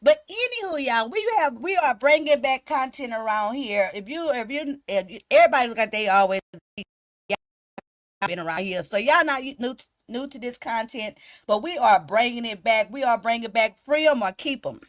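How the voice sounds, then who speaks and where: High-voiced giggly woman hosting a livestream. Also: moderate pace, dry recording. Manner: giggly, animated, chatty with viewers. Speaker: livestream host. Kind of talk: casual live-stream chat.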